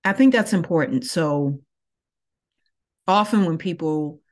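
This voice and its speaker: A woman who teaches yoga, talking through her thoughts slowly and reflectively, with many pauses. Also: lowish voice, animated. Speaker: yoga teacher and podcast host. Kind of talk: reflective solo podcast talk.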